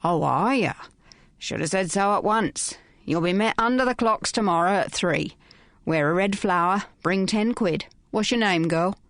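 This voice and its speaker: A woman's voice: mid-range voice, a little slow, fairly bright tone, no room sound, studio quality. A woman voicing a suspicious, coarse man on the telephone who snarls and then turns oily. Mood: snarling.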